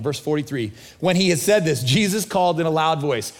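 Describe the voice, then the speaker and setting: High-voiced pastor preaching casually. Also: male voice, expressive, brisk, hardly any pauses. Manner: casual, conversational preaching with acted-out dialogue. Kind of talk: sermon.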